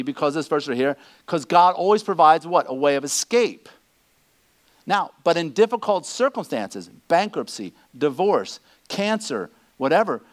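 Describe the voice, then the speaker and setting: Animated high-voiced male preacher. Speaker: pastor. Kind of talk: sermon.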